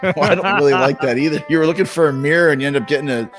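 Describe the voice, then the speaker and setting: Male host, teasing and chuckling, slightly high voice, loose and halting. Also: a bit bright, soft background music. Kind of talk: casual comedy podcast chat.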